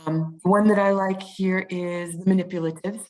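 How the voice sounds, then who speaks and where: A woman's voice: fairly low pitch, fairly even intonation, moderate pace, rough recording. A woman presenting an online teaching webinar, explaining step by step with frequent ums and restarts, on a video call mic.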